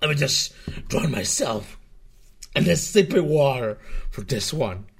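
A man streaming, slow and animated. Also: medium pitch, creaky, background noise. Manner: swearing, mocking, swings from mutters to loud outbursts. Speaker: streamer reacting to clips. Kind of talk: casual profane commentary. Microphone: webcam setup microphone.

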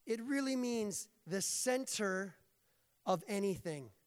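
A man's voice: sits high, expressive, slow pace. Man, preacher, sermon, playful jokey delivery, long hall reverb.

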